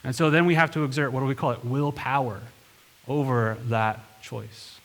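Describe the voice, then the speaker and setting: Man, pastor, church sermon, mid-pitched, earnest, emphatic. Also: steady tone, normal speed, a bit bright. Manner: earnest, emphatic, leans into quoted lines. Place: church sanctuary.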